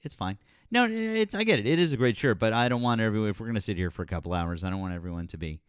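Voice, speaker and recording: A man's voice: on the low side, racing, clean tone, no room sound, clean studio sound. A man hosting a live political stream, talking bluntly and casually with lots of swearing and filler words. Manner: blunt, profane, rambling with fillers. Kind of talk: casual political chat with callers.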